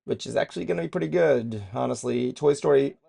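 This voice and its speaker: A man's voice: medium pitch, fast, creaky, dark tone, husky. A man co-hosting a trailer reaction show in casual chat, rambling and self-deprecating and swearing freely as he goes.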